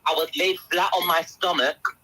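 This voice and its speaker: A young man with a husky, strikingly bright voice, giving an intense and agitated first-person account as an interview guest. He sits slightly high for a man. He keeps turning to the host and calling her by name. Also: fairly even intonation, moderate pace, poor audio.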